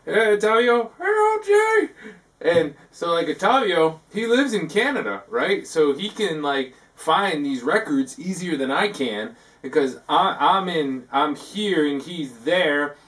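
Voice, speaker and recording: A man hosting a comic talk segment, rambling and halting, filling his talk with "like" and tacking on "eh". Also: on the high side, lively intonation, fairly bright tone, distant mic. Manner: halting, full of "like" and tacked-on "eh". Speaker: host of a parody talk segment.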